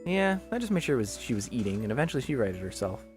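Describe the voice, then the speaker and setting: A man voicing a gentle, polite young woman on the phone in a visual novel reading. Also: medium pitch, very animated, quick pace, soft background music, natural voice. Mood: soft.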